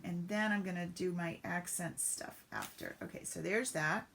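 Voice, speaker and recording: A woman's voice: on the low side, steady tone, moderate pace, gravelly, fairly bright tone, slight background noise. Chatty woman demonstrating a craft. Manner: chatty, step-by-step, greets viewers. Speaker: papercraft demonstrator. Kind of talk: live-streamed craft demo.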